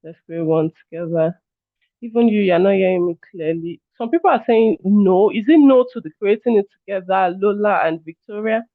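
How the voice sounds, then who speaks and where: A high-voiced man runs a live online workshop, talking casually and apologizing as he checks in with his audience. His voice comes through a narrow, phone-like video call line. The sound is dry, with no room echo. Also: moderate pace. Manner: chatty, repeatedly addresses listeners as "guys". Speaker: workshop trainer. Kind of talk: live online training session.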